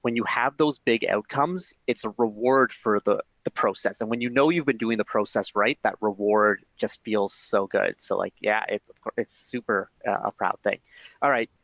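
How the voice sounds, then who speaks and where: A man's voice: lowish voice, normal speed, gravelly, fairly bright tone, no echo, low-quality recording. A man hosting a casual chat, enthusiastic and laid-back, jumping in with his own stories. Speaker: host.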